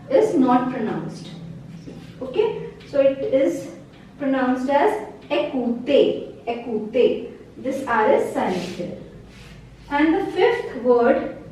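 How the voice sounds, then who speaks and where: A woman's voice: high-pitched, darkish tone, recorded from a distance, a little hiss or hum. A woman teaching a beginner French lesson in a patient manner, repeating each word several times. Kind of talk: slow beginner vocabulary lesson. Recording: very echoey room, voice from the mic.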